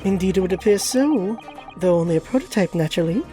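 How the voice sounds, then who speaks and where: Woman playing a grandiose gentleman detective. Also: on the low side, expressive, fast, soft background music, natural voice. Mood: theatrical. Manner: theatrical, formal, self-pitying.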